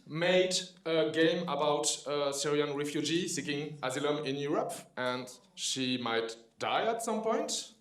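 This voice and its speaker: A man's voice: a little high, expressive, unhurried, few pauses. A man with a French accent speaking at a conference, hesitant and understated with dry humor. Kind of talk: stage talk with scripted banter. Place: conference hall. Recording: echoey hall from far off.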